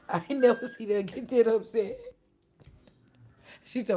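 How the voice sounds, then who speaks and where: A woman's voice: fairly high pitch, unhurried, long pauses, dark tone. Chatty woman live-streaming. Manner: chatty, laughs often, talks back to chat. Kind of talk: casual live stream chat.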